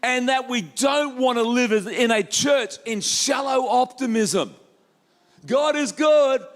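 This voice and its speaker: A man preaching a lively sermon as pastor, acting out quoted voices with jokey asides. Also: very high-pitched, measured pace. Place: church hall.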